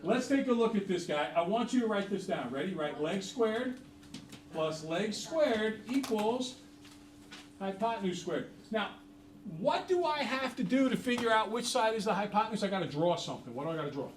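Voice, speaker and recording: A man's voice: high-pitched, animated, fast talker, a little hiss or hum. A middle-aged man teaching a math class, chatty and jokey, quizzing the students. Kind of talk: classroom lesson. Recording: roomy, from far off.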